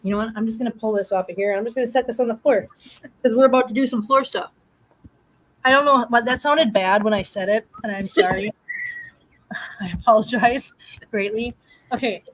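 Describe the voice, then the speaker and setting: High-voiced woman cooing at her cats. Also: a little fast, long pauses. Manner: coos baby talk at her cats, laughs often. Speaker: host. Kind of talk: casual live-stream chat.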